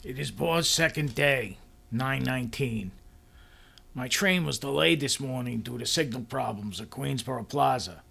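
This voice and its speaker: A man's voice: mid-range voice, vocal fry, sharp tone. A man reading a first-person story in a dry, matter-of-fact way.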